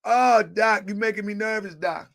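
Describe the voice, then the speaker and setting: A man hosting a live online show, chatting casually, with a repetitive, excitable, joking manner. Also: high voice, moderate pace, vocal fry. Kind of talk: casual livestream chat.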